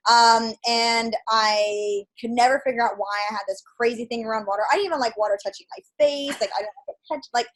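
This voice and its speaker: A woman in her thirties from Idaho, telling a personal story as a podcast guest, animated and acting out dialogue with many fillers. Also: medium pitch. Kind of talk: casual storytelling interview.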